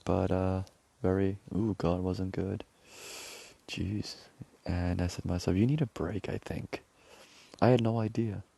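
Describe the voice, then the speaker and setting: Deep gravelly man rambling casually. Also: steady tone, unhurried, long pauses, dark tone. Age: 30s. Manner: rambling storytelling, quoting others. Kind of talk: casual monologue.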